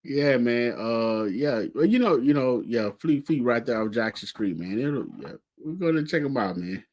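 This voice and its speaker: Easygoing co-host man, mid-pitched voice. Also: animated, moderate pace, darkish tone. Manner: easygoing, short agreeing replies. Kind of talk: casual sports chat.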